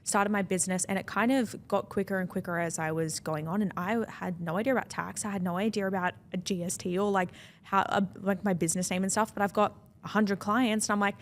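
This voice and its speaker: A woman's voice: mid-range voice, steady tone, quick pace, hardly any pauses. A woman hosting a casual podcast interview, backing her guest with frequent short agreements. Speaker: podcast host. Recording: faint background noise.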